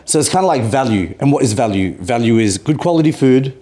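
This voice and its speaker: A man's voice: mid-range voice, lively intonation, brisk, mellow. A man with an Australian accent, a podcast guest talking casually and explaining his points with rhetorical questions. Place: podcast studio.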